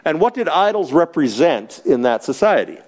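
A man's voice: on the high side, moderate pace. Middle-aged preacher guy, chatty bible study, voice swings up and down a lot, cracks jokes. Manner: lively, joking, asks the group questions. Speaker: pastor teaching a Bible study. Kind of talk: conversational Bible teaching with congregation interaction.

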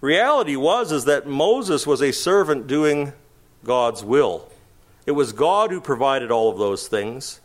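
A man's voice: medium pitch, expressive, a little slow. A man preaching a sermon, asking rhetorical questions and chuckling now and then. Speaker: pastor.

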